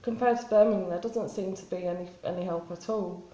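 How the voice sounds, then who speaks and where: Halting, rambling woman in an echoey room. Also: lowish voice, dark tone. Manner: halting, rambling, many restarts. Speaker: vlogger. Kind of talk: spontaneous confessional vlog.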